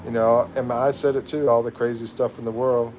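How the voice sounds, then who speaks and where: A man's voice: mid-range voice, level tone, fairly quick, darkish tone, a little hiss or hum. A man with an American accent hosting a casual livestream, rambling and reading viewer comments, laughing at himself. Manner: rambling, self-mocking, laughs often. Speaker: livestream host. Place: home in the Philippines.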